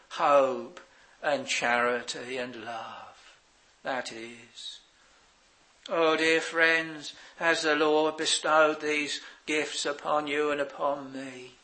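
A man preaching a sermon, slow and halting with many fillers, swelling on exclamations and fading very soft at phrase ends. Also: on the high side, rough recording.

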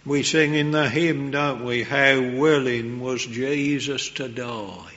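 A man preaching a sermon at a slow, unhurried pace, reverent and earnest. His voice is of middling pitch. The recording sounds muffled and lo-fi. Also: fairly bright tone.

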